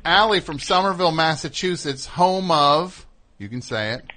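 A man hosting a comedy radio show. His pitch swings widely as he jokes, and he teases his guests and callers. He often stumbles over false starts. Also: expressive, moderate pace, sharp tone. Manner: joking, teasing, stammering restarts. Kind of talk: casual comedic radio banter.

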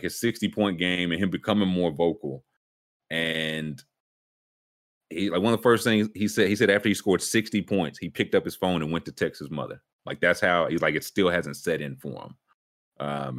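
A man co-hosting a podcast, joking loosely in casual sports chat, often trailing off and restarting. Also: sits low. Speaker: podcast co-host.

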